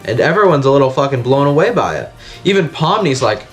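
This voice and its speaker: A man's voice: medium pitch, big pitch swings, fast talker, faint music behind. A man giving a frank, chatty video review with lots of swearing. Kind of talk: casual video review commentary.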